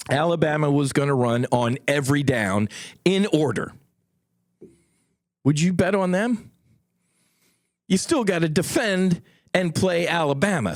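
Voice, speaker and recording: A middle-aged former fighter pilot hosts a solo podcast from a studio, his medium-pitched voice recorded with no room sound. He talks bluntly, combatively and profanely, tossing in folksy asides to his listeners.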